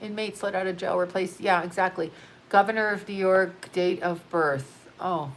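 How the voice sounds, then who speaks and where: A woman's voice: lowish voice, fairly even intonation, moderate pace, slight background noise. A woman hosting a casual livestream as an astrologer, rambling and blunt, swearing freely and tired after a long day of readings. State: tired, yawning. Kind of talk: casual livestream chat reading viewer comments. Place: her home studio.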